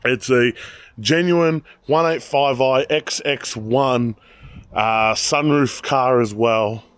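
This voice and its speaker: A man with an Australian accent, chatting casually and rambling as he walks through his car collection, telling animated stories. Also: medium pitch, slow, clear, resonant tone, no echo. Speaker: channel host. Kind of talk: casual car walkaround vlog.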